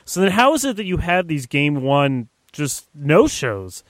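A man's voice: fairly high pitch, sing-song, a little slow, no room sound. A man co-hosting a casual sports podcast, breaking down plays in an analytical way and often hedging with "I mean". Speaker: co-host and editor.

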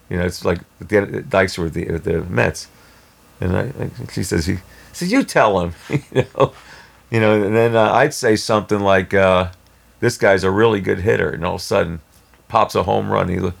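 Man, very low voice, gravelly fry, rambling personal story. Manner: rambling, halting, frequent restarts. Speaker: storyteller guest. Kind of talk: casual spoken storytelling.

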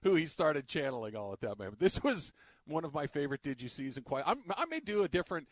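A man's voice: fairly high pitch, sing-song, quick pace, no echo. A man hosting a radio talk show, joking and laughing in casual banter. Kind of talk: casual chat.

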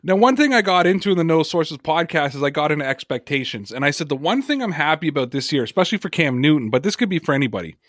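A man leads a casual sports podcast, pressing his points with emphatic repetition. His voice sits on the higher side. The sound is dry and close, with little room. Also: sing-song, quick pace, hardly any pauses, a bit bright, no echo. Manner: emphatic, talkative, reads chat comments aloud. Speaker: podcast host.

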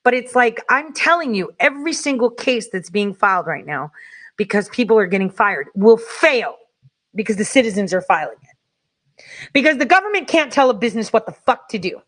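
A woman delivering a heated, profane political rant, angry and rapid-fire. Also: on the high side, sing-song, a bit bright.

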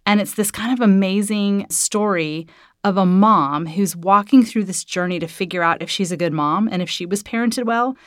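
A woman's voice: mid-range voice, normal speed, no echo, clean studio sound. A woman author talking casually and enthusiastically. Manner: enthusiastic, conversational. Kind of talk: casual talk.

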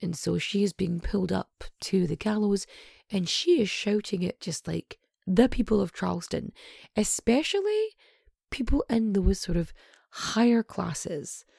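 Casual woman chatting true crime, lots of swearing n sarcasm, dark mellow voice. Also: medium pitch, animated, unhurried, vocal fry, husky, dry recording, studio quality.

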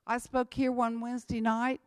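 A woman's voice: fairly high pitch, little pitch movement, normal speed, clean tone, no room sound. A woman speaking as a missionary, telling church testimony stories in a repetitive, emphatic way.

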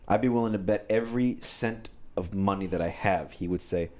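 A man's voice: low voice, brisk, a little mellow. A man co-hosting a casual talk show, wry and chiming in with short replies and asides. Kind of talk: casual banter.

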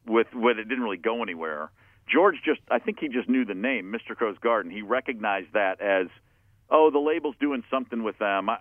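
A man's voice: fairly low pitch, no room sound. A man in his fifties from Atlanta, telling stories from his band's early days in a candid, profane, casual way, often acting out what people said. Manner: candid, profane, acts out quoted voices. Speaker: musician guest. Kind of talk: casual storytelling interview. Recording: tinny phone-like line, dry.

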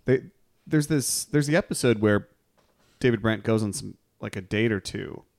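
A man's voice: fairly low pitch, moderate pace, creaky, a little mellow. A man co-hosting a podcast in casual chat, rambling and restarting his thoughts. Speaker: podcast co-host.

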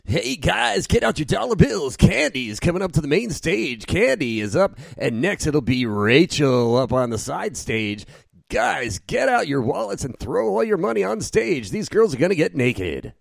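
Man doing a hyped strip-club DJ, loud and pushy, well above his normal pitch. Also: very animated, normal speed, creaky, dry recording, clean studio sound, full character voice. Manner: loud, punchy hype-man delivery. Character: hyped adult male strip-club DJ announcer.

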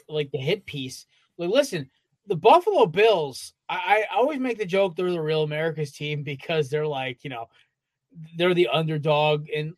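A man's voice: a little high, fairly bright tone, dry recording. A man co-hosting a casual sports podcast, ranting with heavy profanity. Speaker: podcast co-host.

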